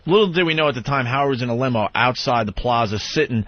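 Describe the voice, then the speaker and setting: A male radio co-host spins a story in an animated, chatty way, slipping into the voices of the people he describes. His voice sits at an ordinary pitch. The studio sound is dry and a little dull. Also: fast, no room sound. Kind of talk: casual storytelling on talk radio.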